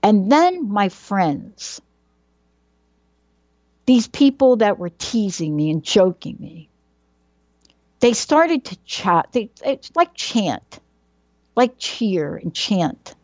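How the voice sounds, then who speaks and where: A woman's voice: mid-range voice, big pitch swings, slow, long pauses, a little mellow, no echo, lo-fi sound. A woman telling a personal childhood story in a dramatic way, building suspense with questions and repetition.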